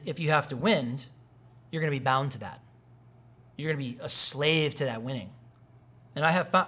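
A pastor delivers his sermon in a relaxed, conversational way, full of asides and everyday stories. His voice sits a little higher than most men's. He slips into quick voices for the people in his stories. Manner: conversational, animated, acts out quoted voices. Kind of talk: casual sermon with personal stories.

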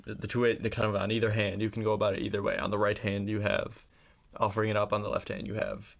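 A man speaks as a guest on a faith podcast. His voice sits low and carries a gravelly fry. He talks in a measured, earnest way. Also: monotone. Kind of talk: casual faith podcast chat.

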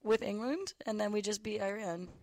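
A woman in her thirties hosting a podcast, bantering quickly and laughing often. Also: mid-range voice, creaky, darkish tone, no echo. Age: 30s. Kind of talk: casual chat.

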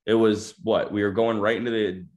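A young man with a very deep voice hosts a relaxed sports chat. He hesitates often and throws questions to his co-hosts. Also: a little fast. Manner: laid-back, hesitant, asks questions. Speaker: podcast host.

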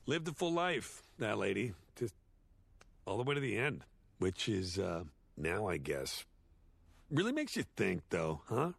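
A man voicing a washed-up male horse sitcom star, giving a rambling, sardonic, self-deprecating eulogy in an animated series. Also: lowish voice, measured pace, vocal fry, long pauses, slightly rough, dry recording, heavily acted. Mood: awkward. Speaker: eulogy speaker. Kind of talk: animated series dialogue, comic monologue.

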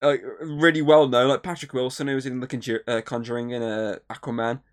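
A man's voice: medium pitch, flat delivery, a little fast. A man co-hosting a podcast, chatting casually, rambling with lots of filler words and swearing. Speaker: podcast co-host. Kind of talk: casual chat.

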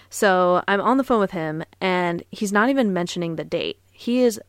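Blunt, profane woman in her twenties; lowish fry-heavy voice, dry booth sound. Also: expressive, moderate pace, no room sound. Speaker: podcast host. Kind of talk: casual storytelling podcast.

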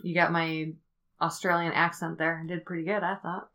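A woman hosting a podcast, telling a story in a casual, rambling way with many fillers as she thinks out loud. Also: on the low side, level tone, normal speed. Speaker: podcast host.

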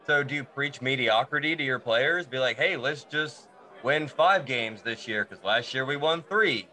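A man's voice: medium pitch, lively intonation, normal speed, sharp tone. A man on a casual podcast giving a conversational sports rant and posing questions. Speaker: sports segment regular.

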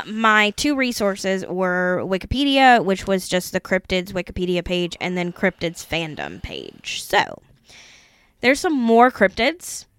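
A woman's voice: medium pitch, a bit bright, smooth, no room sound. A woman in her twenties hosting a podcast in blunt, casual chat. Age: 20s. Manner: blunt, swearing, laughing. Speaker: podcast host.

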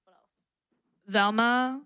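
A woman's voice: a little high, steady tone, slow pace, bright, forceful tone, clean tone, no echo. Young woman, podcast co-host, candid storytelling, laughs a lot, dry close mic. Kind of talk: casual chat.

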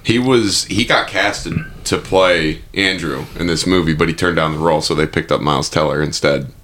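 A man's voice: extremely low pitch, moderate pace, fairly bright tone, a little hiss or hum. A man co-hosting a casual podcast, blunt and swearing casually. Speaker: podcast co-host. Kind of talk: casual chat.

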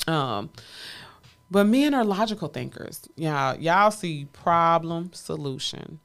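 A woman's voice: fairly low pitch, lively intonation, takes it slowly. A woman co-hosting a casual chat podcast, talking candidly and animatedly and laughing often. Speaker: podcast co-host.

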